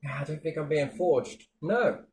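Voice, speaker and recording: A man's voice: on the high side, normal speed, a little mellow. A man delivering a mocking, sweary monologue with big sarcastic swings in tone.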